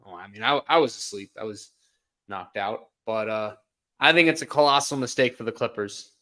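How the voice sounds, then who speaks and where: A man's voice: on the low side, normal speed, pushed and bright. A man co-hosting a live baseball stream, chatting casually, laughing often and giving strong opinions. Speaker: co-host of a live baseball watch-along stream. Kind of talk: casual live sports chat.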